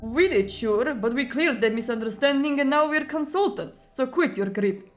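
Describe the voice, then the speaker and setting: A woman's voice: high-pitched, animated, normal speed, soft background music, voice pushed up. A woman voicing an intense old man who keeps traces of a Russian accent, a vampire hunter in a story game, reading his lines defensively. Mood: dismissive.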